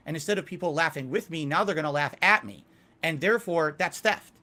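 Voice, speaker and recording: Guest: middle-aged man, a bit high and bright, emphatic, owns his mistakes. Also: a little fast. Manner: self-critical, emphatic and animated. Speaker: interview guest. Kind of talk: candid interview answers.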